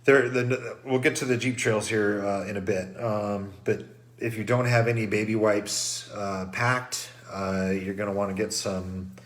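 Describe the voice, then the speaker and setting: Before the race, a middle-aged man with a somewhat low, stuffy voice, clogged by trail dust, chats through the rules for the runners. He keeps a steady, unhurried tone while rambling casually, with many ums and restarts.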